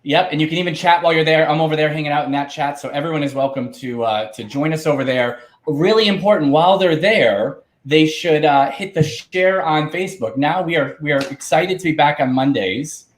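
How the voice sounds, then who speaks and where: A man's voice: fairly high pitch, a little fast, few pauses, echoey room. A man co-hosting a bingo show, giving upbeat announcements. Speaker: co-host.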